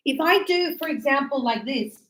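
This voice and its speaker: A woman's voice: high voice, rough recording. A woman teaching an English class in a classroom, acting out little dialogues and checking in with her students often. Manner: lively, acts out student dialogues with quick questions. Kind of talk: classroom lesson.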